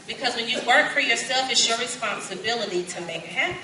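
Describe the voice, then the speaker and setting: A woman's voice: a little high, fast talker. Kentucky woman preaching to a crowd. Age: 40s. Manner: lively, folksy, calls out to the crowd. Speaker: pastor. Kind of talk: conference sermon. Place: large conference hall. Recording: echoey hall, distant and noisy.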